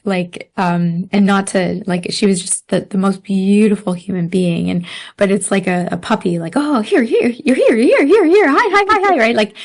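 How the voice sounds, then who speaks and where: A woman telling a story in casual podcast chat, animated, laughing often and using many fillers. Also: mid-range voice. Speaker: podcast guest.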